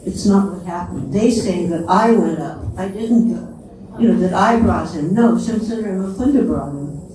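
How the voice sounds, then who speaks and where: A woman's voice: fairly low pitch, normal speed, warm tone, a little hiss or hum. An older woman giving an anecdotal devotional talk, telling her stories conversationally with small chuckles in between. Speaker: speaker at temple festival. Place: large temple hall. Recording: echoey hall, voice from far off.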